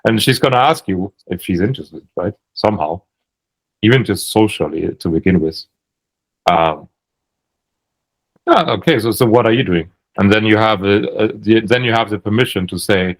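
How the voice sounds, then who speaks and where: A man's voice: lowish voice, normal speed, rough recording. A man with a German accent coaching on sales calls in casual chat, thinking aloud with many restarts.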